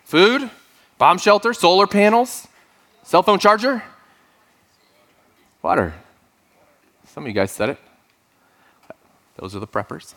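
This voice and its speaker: A man's voice: high voice, huge pitch swings, slow, long pauses, pushed and bright. A man preaching a sermon as pastor of his church, talking conversationally with dry, self-deprecating asides.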